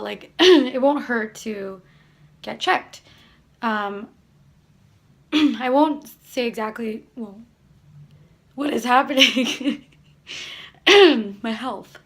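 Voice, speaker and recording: A woman's voice: a little high, very slow, pauses often, a bit bright. A young woman from Canada giving a casual, chatty vlog update to camera, hesitant and full of fillers. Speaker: vlogger.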